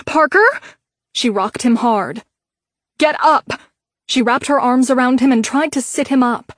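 Brief: female audiobook narrator, measured reading, slightly high pitch, dead-dry booth sound. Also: no echo. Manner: steady, measured storytelling. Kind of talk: scripted narration.

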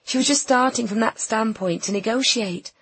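A woman reads out a kind bookseller who speaks gently but stands her ground, her breathy voice set slightly higher than plain narration. It sounds close-miked in a dry space. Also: normal speed, no room sound. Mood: gentle. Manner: gentle, soothing.

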